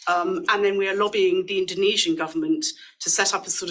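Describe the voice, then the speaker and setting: A woman's voice: on the low side, fairly even intonation, a little fast, a bit bright, slight background noise, rough recording. Earnest woman campaigner presenting. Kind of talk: seminar presentation.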